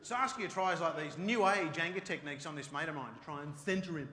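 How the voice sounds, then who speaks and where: A man with an Australian accent giving an animated, joking keynote talk. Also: on the high side, fairly quick, a crowd in the background. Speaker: keynote speaker. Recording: echoey hall, live stage.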